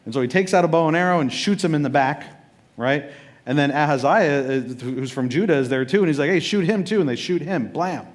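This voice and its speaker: A man's voice: on the high side, fairly quick. A male pastor preaching a sermon, retelling scripture casually with jokes and acted-out quotes.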